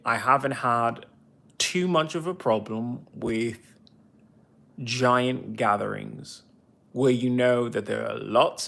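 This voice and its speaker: A man's voice: mid-range voice, creaky, fairly bright tone. A man talking on a livestream, rambling bitterly and swearing often while answering viewers' comments. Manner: rambling, bitter and profane ranting. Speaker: veteran livestreamer. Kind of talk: casual livestream monologue.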